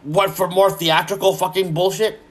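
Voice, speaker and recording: A man's voice: high-pitched, fairly even intonation, normal speed. A man in an angry, heavily profane solo rant. He is sarcastic and keeps repeating words as he restarts his sentences.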